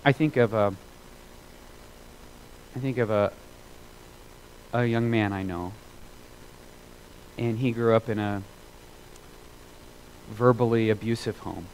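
A man preaching a sermon as a pastor, earnest and emphatic, repeating phrases for weight and moving between loud and hushed delivery. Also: fairly low pitch, steady tone, slow, long pauses, slight background noise, rough recording.

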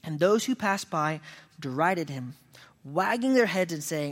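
A man's voice: on the high side, lively intonation, a little slow. A man preaching a sermon as pastor, earnest, raising his voice for emphatic quoted lines. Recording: long reverb of a hall.

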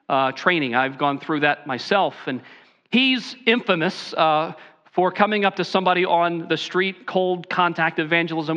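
A man's voice: on the high side, bright, forceful tone. A pastor preaching an earnest sermon with folksy asides, a man speaking in a dull lo-fi recording.

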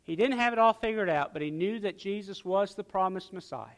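Pastor guy preaching, high voice, loud then real quiet, big echoey church sound. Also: a little fast. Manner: preacherly, swings from loud emphatic to hushed. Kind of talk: sermon.

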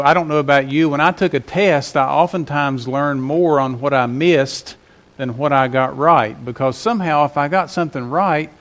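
A man's voice: mid-range voice, fairly bright tone. A man preaching a Sunday sermon to his congregation, conversational and rising in emphasis on key points. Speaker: pastor.

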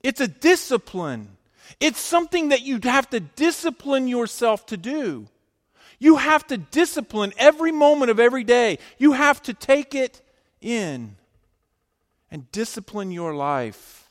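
Pastor guy preaching, high voice that jumps all over, loud then hushed. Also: sing-song, measured pace, big-room sound. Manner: emphatic preaching, swinging between loud and hushed. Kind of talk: sermon.

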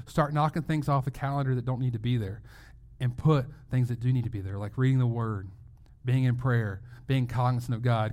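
A man's voice: mid-range voice, a little mellow. A male pastor giving a sermon in a conversational way, asking rhetorical questions and restarting phrases as he goes.

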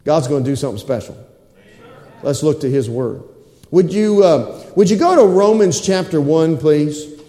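High-voiced pastor preaching in an echoing hall. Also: male voice, expressive, normal speed, warm tone. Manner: preaching with repetition and call-and-response. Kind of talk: sermon. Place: church sanctuary. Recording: roomy echo with long reverb in a hall.

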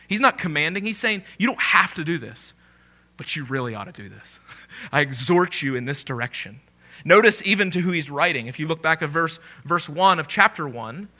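A man preaching a live sermon as a pastor in a church, joking with the congregation and repeating key phrases slowly for emphasis. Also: on the high side, bright, forceful tone.

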